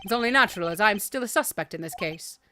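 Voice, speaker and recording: A woman voicing a composed, formal male prosecutor, speaking lower and in a measured, formal way. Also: expressive, pushed and bright, a little hiss or hum.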